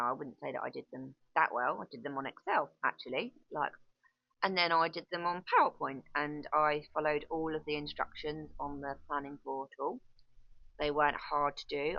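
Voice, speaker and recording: Gravelly frank woman, chatty. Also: deep voice, no echo. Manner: chatty, frank, self-correcting with frequent ums. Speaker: site manager and pub owner. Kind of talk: candid casual monologue. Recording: dull lo-fi, dry sound.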